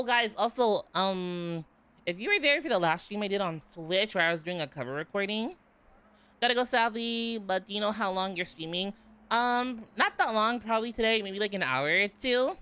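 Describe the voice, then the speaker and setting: A man's voice: high-pitched, sharp tone, clean tone. A man chatting casually on a stream, bubbly and playful, rambling and giggling as he talks from his room at home. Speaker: VTuber streamer.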